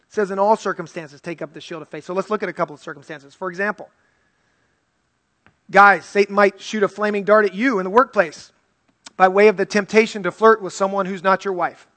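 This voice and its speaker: A man's voice: high voice, fairly even intonation, a little fast, bright, forceful tone, no echo. A male pastor preaching an earnest, conversational sermon and reading scripture aloud.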